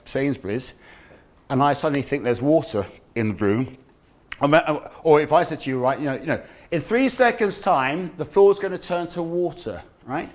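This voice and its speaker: Lively man giving a talk. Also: a little high, normal speed. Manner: animated storyteller, acts out quoted voices. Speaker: dementia awareness speaker. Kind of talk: lively public health talk. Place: community event room.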